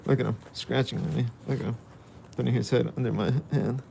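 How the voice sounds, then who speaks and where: A man's voice: mid-range voice, steady tone, fairly quick, vocal fry, warm tone, a little hiss or hum. A man casually vlogging outdoors, playfully chatting with and about a dog. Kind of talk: casual vlog chat.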